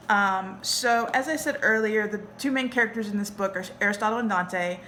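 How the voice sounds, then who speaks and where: A woman's voice: medium pitch, fairly quick, hardly any pauses, sharp tone, a little hiss or hum. A woman hosting a book talk, speaking informally and enthusiastically with many fillers. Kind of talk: book talk with read-aloud.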